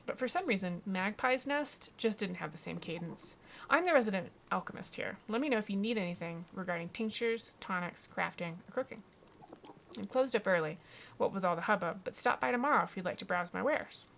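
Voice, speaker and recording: A woman's voice: mid-range voice, expressive, brisk, vocal fry, a bit bright, slight background noise. A woman voicing a courtly, eccentric alchemist in a video game, with a genteel, theatrical manner. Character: courtly eccentric alchemist in a bird-nest hat.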